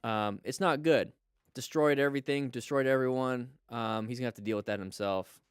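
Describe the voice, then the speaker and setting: A man hosting a live stream, reviewing motorcycle crash videos and coaching viewers with lively exclamations. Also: mid-range voice, a little fast, smooth, no room sound, clean studio sound.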